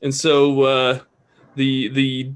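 A man narrating as game master of a tabletop game, halting, with many fillers and restarts. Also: medium pitch, completely flat delivery.

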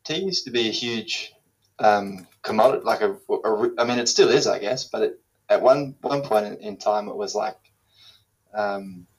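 A man's voice: fairly low pitch, poor audio. A man co-hosting a casual comedy chat, speaking hesitantly and answering his partner's jokes in a dry, literal way over a remote call. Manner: hesitant, deadpan, literal-minded. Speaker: co-host.

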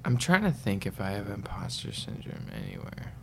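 A man's voice: fairly low pitch, very animated, normal speed, gravelly, a little hiss or hum. A man co-hosting a podcast in casual chat, joking and crude. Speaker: podcast co-host.

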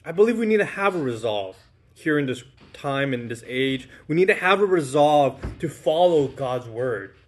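A man delivers a relaxed, informal sermon, his voice sitting slightly higher than most men's. He talks to the congregation like friends, with easy fillers and little "right?" checks. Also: moderate pace. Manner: conversational, frequent "right?" checks. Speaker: pastor.

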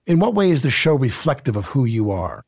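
Husky-voiced man asking relaxed questions. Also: mid-range voice, fairly quick. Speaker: interviewer and actor. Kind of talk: casual interview conversation.

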